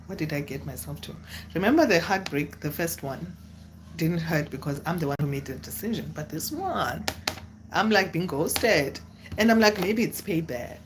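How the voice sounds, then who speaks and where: Animated young woman. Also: normal speed, background noise. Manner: animated, dramatic, with sudden high exclamations. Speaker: vlogger. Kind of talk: casual storytelling to camera.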